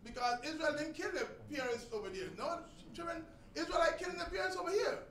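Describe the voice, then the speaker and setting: A man delivers a sermon with a high, bright voice, pressing points hard and then dropping low. He sounds far from the mic in a roomy, echoing space. Faint background noise hangs under him. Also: quick pace. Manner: emphatic, swings between loud and soft. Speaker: congregation teacher. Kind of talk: sermon teaching. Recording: echoey room, distant mic, faint noise.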